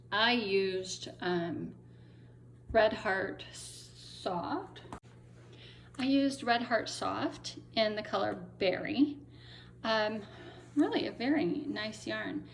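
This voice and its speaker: A woman's voice: on the high side, slow, gravelly, a little hiss or hum. A woman showing her crochet and craft finishes in a casual vlog, chatty with frequent ums, still getting over laryngitis and a lingering cough. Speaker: crochet vlogger. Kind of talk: casual show-and-tell vlog.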